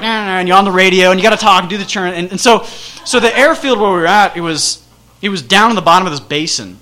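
Male storyteller, slightly high, bright tone; rambling, self-mocking, lively delivery. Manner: rambling, self-deprecating, animated. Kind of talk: casual personal storytelling.

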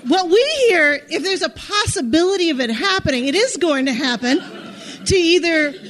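Animated high-voiced woman storyteller. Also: moderate pace. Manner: animated, self-deprecating, frequent restarts. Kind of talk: personal storytelling.

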